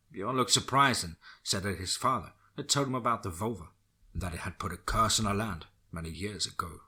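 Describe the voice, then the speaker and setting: A man narrating a dark horror story in a steady storytelling manner. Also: brisk, breathy edge. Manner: steady storytelling, drops low for grim lines.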